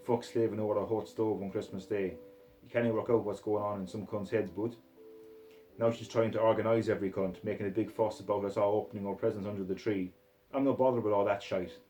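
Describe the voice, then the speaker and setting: A man reading a story aloud in the first person, putting on a Scottish accent and talking in a rough, swaggering way. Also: fairly low pitch, fairly even intonation, brisk, warm tone, faint music behind. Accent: put-on Scottish accent. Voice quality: rough, profane, swaggering narration in character. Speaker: reader of a short story.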